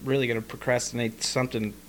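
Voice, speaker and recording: A man's voice: medium pitch, flat delivery, quick pace, slight background noise. Man, podcast co-host, short reactions, joking asides. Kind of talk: casual podcast chat.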